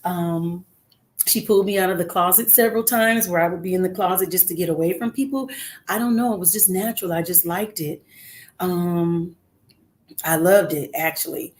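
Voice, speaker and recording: A middle-aged woman with a fairly low voice chats as a guest singer over a remote call. She talks earnestly and encouragingly, with plenty of "um"s along the way. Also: moderate pace. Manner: conversational with frequent "um" fillers, earnest and encouraging. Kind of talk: casual interview.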